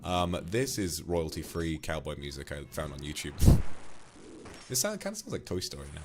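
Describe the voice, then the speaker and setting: A man's voice: very deep voice, big pitch swings, background noise. A man streaming a game, chatting casually, thanking donors playfully and ranting with the odd curse. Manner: reads out donations with quick thanks, playful and flirty; swears freely and gets loud when ranting. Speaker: livestreamer. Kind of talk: casual livestream chat while gaming.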